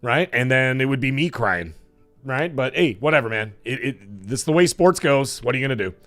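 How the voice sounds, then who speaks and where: A man with a hoarse, cracking voice hosting a live stream, chatting casually and rambling with fillers as he thanks viewers. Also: mid-range voice, expressive, brisk, a bit bright, soft background music. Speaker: livestream show host.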